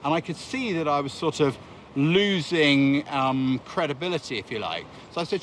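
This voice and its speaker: A man's voice: a little high, animated, normal speed, a bit bright, slight background noise. Reflective man recalling undercover work. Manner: reflective, hesitant with fillers. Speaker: former undercover reporter.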